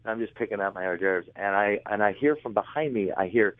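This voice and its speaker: Low-voiced man on a tinny phone line. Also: a little fast, no room sound. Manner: rambling anecdotes with frequent self-corrections. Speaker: interview guest, author. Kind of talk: casual storytelling.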